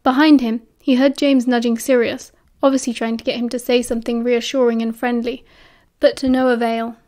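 A woman with a British accent reading an audiobook in an even, measured way. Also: a little high. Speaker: audiobook narrator. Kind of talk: audiobook narration.

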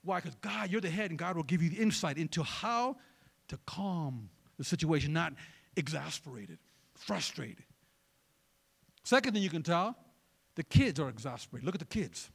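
Male pastor, sermon, animated pitch swings, loose and joking with the congregation. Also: normal speed, creaky, breathy edge. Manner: conversational, joking, asks the crowd for replies.

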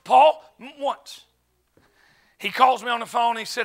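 An evangelist preaching in a church, his voice very high and piercing bright. He tells stories with animated swings and frequent bursts of shouting, his drawl plain throughout. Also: quick pace. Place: church sanctuary.

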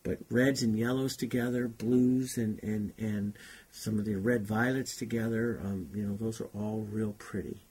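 With a lowish, warm, slightly rough voice, a painting teacher speaks at normal speed in a steady tone, barely pausing. He talks in an unhurried way and thinks aloud as he paints, giving a relaxed demonstration.

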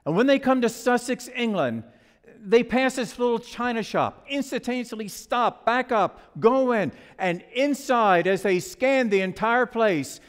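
A man preaching as a guest pastor, telling a story in a dramatic, animated way. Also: extremely high pitch. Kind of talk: sermon. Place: church sanctuary. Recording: long church reverb.

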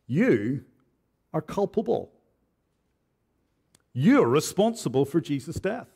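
A man's voice: on the high side, big pitch swings, slow, gravelly, mellow, breathy edge. A man preaching an expository sermon in church, earnest and direct, with frequent rhetorical questions. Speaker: pastor.

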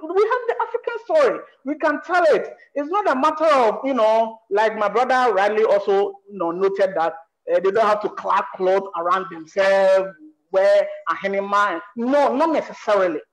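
Animated Ghanaian-accented screenwriter. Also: mid-range voice, rough recording. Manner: animated, emphatic, asks rhetorical questions. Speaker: screenwriter on a panel. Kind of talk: panel discussion.

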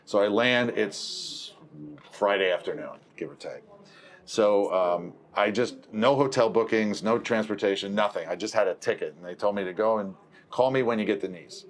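At normal speed and with a fairly low pitch, the film producer wanders through a long conversational tale. He stops to fix what he's said and acts out the characters' dialogue.

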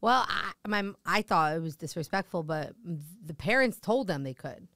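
A woman from New Jersey, a comedian guest, chatting casually with quick asides. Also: fairly low pitch, animated, a bit bright, dry recording, clean studio sound. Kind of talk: casual chat.

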